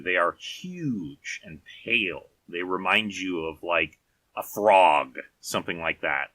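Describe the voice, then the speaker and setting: Man, game master, low pitch, dry close sound, vivid unhurried narration. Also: pushed and bright, no echo. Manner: descriptive, unhurried storytelling with vivid detail.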